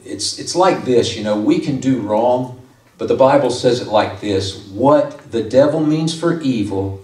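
A man's voice: on the low side, a little mellow. A man preaching a conversational sermon as pastor, lifting his voice to stress key points. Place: church sanctuary. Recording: echoey room from far off.

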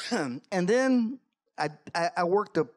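A male pastor delivering a sermon in a church, with a voice pitched a little higher than most men's. He tells his story in an animated way and pokes fun at himself as he goes. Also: slow pace. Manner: animated storytelling with self-deprecating humor. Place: church sanctuary.

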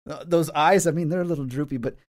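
A man voicing a cloaked forest warden who haggles smoothly and lectures pedantically about his dog. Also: on the high side, quick pace, darkish tone, pitched above the performer's own voice, close to an everyday voice. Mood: smug haggling. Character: cloaked male forest warden with a mastiff, smug.

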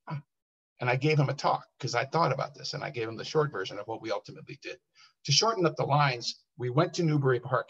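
Man telling a lively story. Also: mid-range voice, creaky, slightly rough. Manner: animated, quotes people in lively bursts. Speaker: workshop speaker. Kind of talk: storytelling talk. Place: workshop room. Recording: dull lo-fi workshop recording.

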